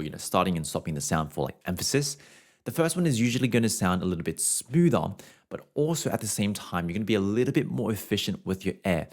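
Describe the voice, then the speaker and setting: A young adult man, a voice teacher, explaining singing technique in a casual way and showing it with hums and short scales. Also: on the low side.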